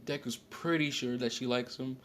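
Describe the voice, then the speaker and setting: A man's voice: medium pitch, steady tone, normal speed, fairly bright tone, a little hiss or hum. A man casually telling an improvised story, rambling with slang, fillers and frequent self-corrections.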